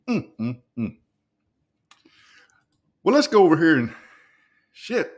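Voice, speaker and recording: A man hosting a podcast, reacting to videos with loud, profane, mocking commentary. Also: mid-range voice, huge pitch swings, a little slow, vocal fry, long pauses.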